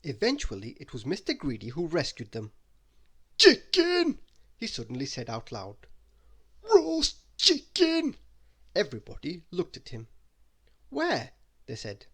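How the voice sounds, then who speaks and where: A man reading a bedtime story aloud in an expressive, lively way. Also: medium pitch, breathy edge.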